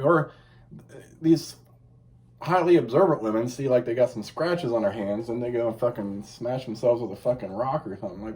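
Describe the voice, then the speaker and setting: A man's voice: mid-range voice, normal speed, darkish tone. A man hosting a casual podcast chat, rambling and swearing freely, acting out the voices of people he quotes. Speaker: podcast host.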